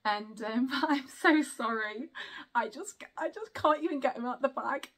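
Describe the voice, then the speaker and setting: A woman's voice: high-pitched, wildly swooping pitch, takes it slowly, pushed and bright. A woman chatting casually through an unboxing at home, apologetic and giggly, speaking into a camera mic. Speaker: vlogger.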